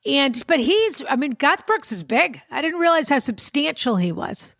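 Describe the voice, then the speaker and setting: A woman's voice: high voice, very animated, moderate pace, fairly bright tone, no echo, studio quality. A woman co-hosting a casual chat, emphatic and gossipy with strong opinions.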